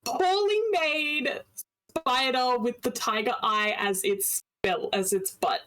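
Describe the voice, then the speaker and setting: A woman's voice: medium pitch, unhurried, fairly bright tone, rough recording. A woman playing a tabletop game, a little shy and giggling as she describes her character. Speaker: player. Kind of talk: casual tabletop play.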